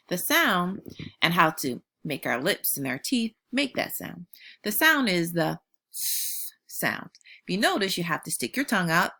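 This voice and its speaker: Warm-hearted woman teacher, bright lively delivery, slow clear modeling of sounds for young kids. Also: on the low side. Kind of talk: phonics lesson for young children.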